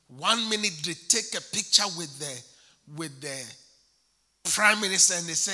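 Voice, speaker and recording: A man's voice: animated, bright, forceful tone. A male pastor preaching a sermon, emphatic and repetitive, building to a fervent rise. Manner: emphatic, repeats phrases, slows and rises to a fervent pitch.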